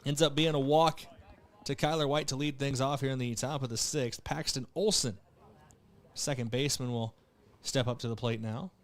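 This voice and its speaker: A young man announcing a live baseball game from a press box, calling each pitch briskly and correcting himself on the fly. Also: steady tone. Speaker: play-by-play announcer. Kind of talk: live radio and TV baseball commentary. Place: press box behind a window.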